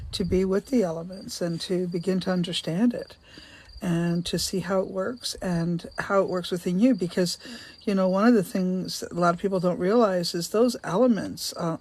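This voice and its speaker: An older woman hosting a casual live stream outdoors, chatting to viewers, greeting them by name and repeating her questions. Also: lowish voice. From Canada. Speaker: livestream host. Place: outdoors on a sunny day. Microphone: phone.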